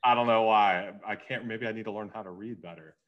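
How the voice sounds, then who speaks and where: A man's voice: on the low side, steady tone, a little fast, dull audio. A man hosting a podcast, casual and self-deprecating, with hesitant fillers. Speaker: podcast host. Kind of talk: casual interview chat.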